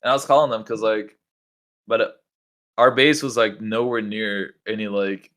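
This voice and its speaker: In a casual podcast chat, the young male co-host tells rambling stories packed with "like" and "bro." His voice is lowish and a bit bright, with fairly even intonation and normal speed.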